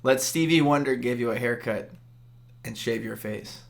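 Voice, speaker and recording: A man's voice: medium pitch, normal speed, creaky. A young man co-hosting a podcast, joking around and posing silly would-you-rather questions. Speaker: podcast co-host. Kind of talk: casual chat.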